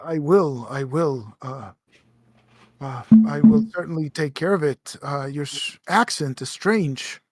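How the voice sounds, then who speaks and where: A man voicing a dignified male druid in a tabletop game, speaking haltingly with many pauses and restarts. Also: on the high side, lively intonation, darkish tone, no echo, soft background music. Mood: courteous.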